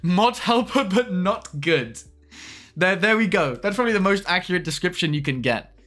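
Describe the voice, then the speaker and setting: Bright-voiced young male streamer. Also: sits high, animated, soft background music. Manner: chatty, quick asides to chat. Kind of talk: live stream commentary.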